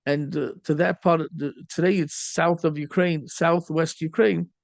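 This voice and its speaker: A man's voice: on the high side, fairly even intonation, normal speed, vocal fry, dry recording. A middle-aged man, a rabbi, giving a storytelling sermon peppered with Yiddish and Hebrew terms.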